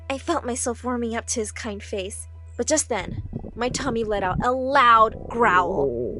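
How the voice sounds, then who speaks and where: A young woman narrating a dramatic first-person story in an expressive, emotional way. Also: a little high, moderate pace, soft background music.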